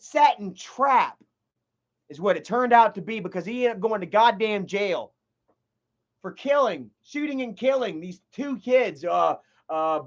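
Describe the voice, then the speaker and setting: A livestreamer with an extremely high-pitched voice retells a story in heated, rambling commentary, swearing a lot and repeating himself. The recording is muffled.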